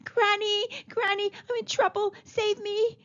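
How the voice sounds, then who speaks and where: A woman voicing a mischievous, excitable little boy in a high, pleading storybook voice. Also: unhurried. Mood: panicked. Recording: slightly dull lo-fi recording.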